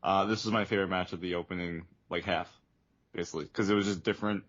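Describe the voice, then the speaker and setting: A man co-hosting a wrestling podcast, easygoing and measured. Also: deep voice, fairly even intonation, fairly bright tone, lo-fi sound. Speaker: podcast co-host. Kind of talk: casual wrestling review chat.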